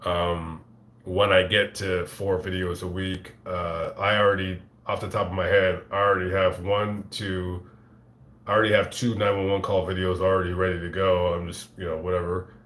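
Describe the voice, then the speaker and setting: Man, very deep voice, casual livestream talk, profane, halting restarts, phone mic, echoey room. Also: flat delivery, fairly bright tone. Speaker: channel host on a livestream. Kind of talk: casual rambling livestream chat.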